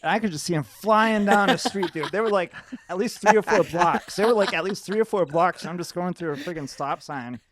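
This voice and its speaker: Fast, high-voiced man. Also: crowd noise. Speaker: podcast guest. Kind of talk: casual storytelling.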